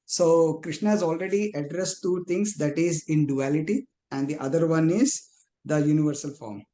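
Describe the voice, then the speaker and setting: A male student works through a verse in a halting way, with pauses and restarts. His voice is fairly high and warm. It sounds roomy, with a faint hiss behind it. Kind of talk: explaining a verse in an online class. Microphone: video call. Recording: echoey room with faint noise.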